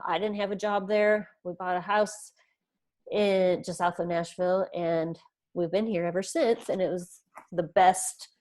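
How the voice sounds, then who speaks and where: With a medium-pitched, slightly mellow voice, a thirty-something woman tells her personal story earnestly on a podcast as a guest. She acts out the dialogue of the people involved.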